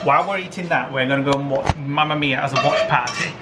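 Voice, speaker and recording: A man's voice: mid-range voice, fast talker, roomy sound, very noisy. A man with a West Yorkshire accent, co-hosting a playful casual home vlog. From West Yorkshire, England. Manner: cheerful, playful. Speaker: vlog co-host. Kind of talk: casual chat. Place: home kitchen.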